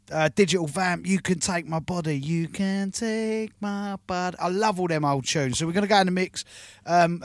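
A man working as a radio DJ, reading out listener shout-outs and introducing tunes in chatty, cheeky patter from a studio. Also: fairly high pitch, no room sound.

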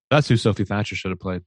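A man's voice: on the low side, slightly rough, no room sound. A man co-hosting a podcast, chatting casually with profane, exasperated ranting. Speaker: podcast co-host. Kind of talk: casual chat.

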